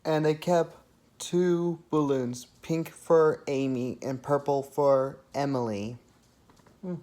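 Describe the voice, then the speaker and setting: Very low-voiced woman giving halting commands. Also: fairly even intonation, warm tone. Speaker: user asking a voice assistant. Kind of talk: spoken requests.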